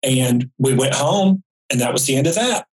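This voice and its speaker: A man's voice: medium pitch, animated, moderate pace, low-quality recording. A man from rural North Carolina, a guest on an interview podcast who tells vivid, folksy stories in a casual way. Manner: folksy, vivid anecdotal storyteller. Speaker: guest psychic. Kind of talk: casual storytelling.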